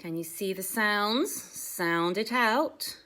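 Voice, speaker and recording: A woman teaching a phonics lesson to young children, sounding out letters slowly in a sing-song, exaggerated way. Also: medium pitch, pushed and bright.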